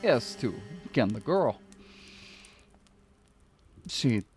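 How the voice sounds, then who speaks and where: Suave Eastern European narrator, as a man puts him on, slow theatrical reading, lively swooping pitch, game music behind. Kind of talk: reading game text aloud in a put-on accent.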